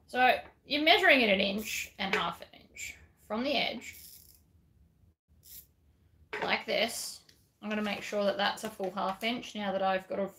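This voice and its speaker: A woman's voice: fairly high pitch, pushed and bright, roomy sound, a little hiss or hum. A woman giving a chatty, self-deprecating craft tutorial while she works.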